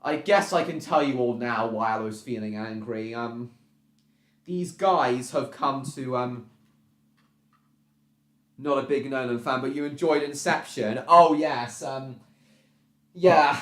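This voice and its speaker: Halting man streaming in an echoey room. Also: mid-range voice, a bit bright. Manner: repetitive, halting, restarts phrases, many ums. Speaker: live stream host. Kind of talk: casual live stream chat, reading out viewer comments. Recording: roomy echo.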